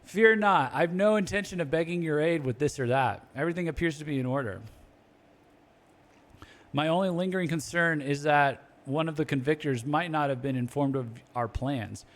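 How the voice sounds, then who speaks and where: A courteous knightly officer from a fantasy game, speaking in a stiff, measured way, as a man reads his lines aloud. The voice sits fairly high for a man. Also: lightly acted. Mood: formal.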